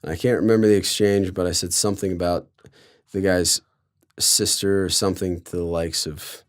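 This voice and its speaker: Low-voiced young man from Colorado. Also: fairly even intonation, normal speed. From Colorado, USA. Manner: loose, sarcastic, heavy use of "like". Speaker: podcast guest. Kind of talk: casual storytelling.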